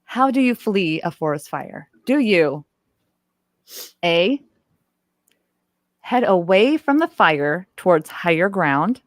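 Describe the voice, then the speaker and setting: A playful woman in her thirties hosts a live-streamed trivia game from home. Her pitch leaps around as she slips into silly squeaky voices and laughs. The sound is dry and close to the mic. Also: very animated, slow pace, long pauses, no echo. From Northern California. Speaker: host.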